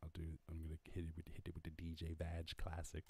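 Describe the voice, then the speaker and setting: A man's voice: extremely low pitch, monotone, quick pace. A young man from Ireland hosting a live stream from home, chatting in a rambling, self-mocking, laid-back way between freestyle raps. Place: at home during lockdown. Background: loud backing beat.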